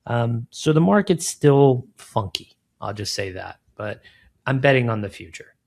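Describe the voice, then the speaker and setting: Gravelly, medium-pitched, and unhurried, this middle-aged man is a guest being interviewed about the recruiting firm he founded. He tells stories with animation, acts out quoted dialogue, and frequently says "man" and "like."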